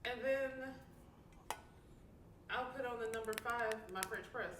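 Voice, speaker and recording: A woman's voice: a little high, a little slow, recorded from a distance. A woman chatting on a podcast, earnestly explaining her habits in a casual way. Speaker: podcast co-host. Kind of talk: casual chat. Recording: echoey room, picked up from afar, crowd noise behind.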